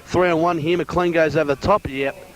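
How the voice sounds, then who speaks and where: A man giving brisk play-by-play commentary on an amateur football match. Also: fairly high pitch, steady tone.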